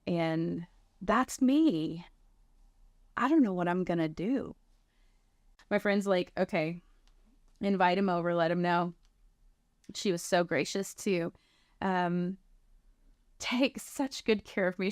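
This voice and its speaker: This is a lower-pitched woman's voice, recorded dry with clean studio sound. In her thirties, she's giving an earnest personal testimony and voicing the quoted lines of people she encountered.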